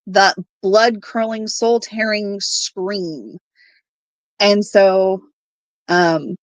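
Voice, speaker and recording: A woman in her thirties telling her own family story on a podcast, halting often with fillers and quoting what people said. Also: mid-range voice, no room sound. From Alaska. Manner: halting, with fillers and quoted dialogue. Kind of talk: personal story told on a podcast.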